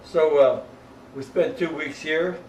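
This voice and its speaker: A man's voice: a little high, slow, darkish tone, a little hiss or hum. A man in his eighties telling old army stories in a rambling, folksy way, often chuckling and adding "you know what I mean.". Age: 80s. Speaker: World War II veteran. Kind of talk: oral history storytelling. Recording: roomy home recording from a distance, faint ambience.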